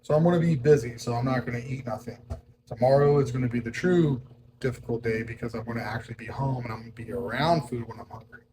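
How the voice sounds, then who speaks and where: A man's voice: medium pitch, quick pace, noisy background. Hungry, irritable man venting. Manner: frank, rambling, repeats himself. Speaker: fitness vlogger on a diet. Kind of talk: casual vlog talk to camera.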